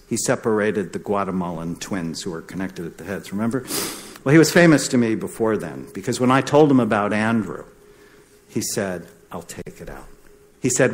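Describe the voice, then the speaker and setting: A middle-aged man, a doctor, giving a storytelling talk and acting out the voices of the people in it. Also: on the low side. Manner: animated, acts out the voices in his stories. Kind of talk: storytelling lecture.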